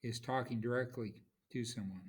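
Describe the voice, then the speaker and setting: A man teaching a lecture on poetry, speaking haltingly with frequent pauses and restarts, sometimes tapping out rhythms aloud. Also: mid-range voice, steady tone, breathy edge. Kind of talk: classroom lecture.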